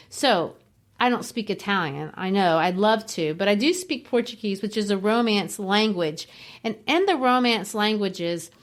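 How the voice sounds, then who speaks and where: A middle-aged woman co-hosting a literature podcast, explaining verse rhythm like a teacher and tapping out the beats. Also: mid-range voice. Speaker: podcast co-host. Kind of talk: casual literature discussion.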